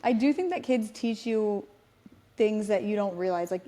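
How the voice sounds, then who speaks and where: A woman's voice: medium pitch, expressive, normal speed, warm tone. A woman in her thirties hosting a podcast, chatting casually and telling stories that quote other people in her own voice. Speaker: podcast host. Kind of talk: casual chat.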